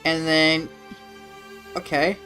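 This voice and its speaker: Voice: medium pitch, little pitch movement, drawn-out words, sharp tone, faint music behind. An Australian streamer chatting casually during a live strategy game, answering chat in a rambling way with plenty of swearing.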